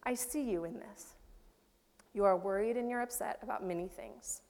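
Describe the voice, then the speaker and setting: A woman preacher voicing a gentle, compassionate man, speaking softly and tenderly. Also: mid-range voice, big-room sound, lightly acted. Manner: soft, slow, tender.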